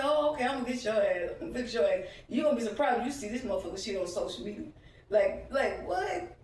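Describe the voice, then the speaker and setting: A woman's voice: on the high side, quick pace. Heated woman ranting, echoey and distant. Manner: heated, profane, animated storytelling. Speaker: vlogger. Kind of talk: casual ranting vlog. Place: outdoors walking by a street.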